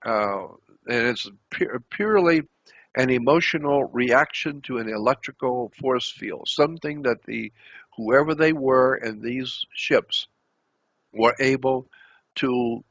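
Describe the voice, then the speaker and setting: A man host recounting a personal anecdote in a dramatic, repetitive way, halting often as he searches for words. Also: medium pitch, fairly bright tone, breathy edge. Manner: dramatic, repetitive storytelling with frequent halts. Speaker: channel host. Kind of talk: personal anecdote, told aloud. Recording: dull lo-fi recording.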